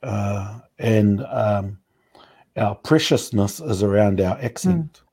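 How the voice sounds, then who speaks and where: A man talking in a relaxed, thoughtful way during a casual discussion, pausing often with fillers. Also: lowish voice, slightly rough. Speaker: panel speaker.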